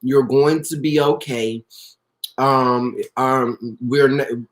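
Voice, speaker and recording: Give me a woman chatting on a live stream, effusive and affectionate, calling viewers by name and praying out loud. She talks slowly, and her voice carries a roomy echo. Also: a bass voice, fairly even intonation. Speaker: orchid pot seller hosting a live video. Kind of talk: casual live-stream chat.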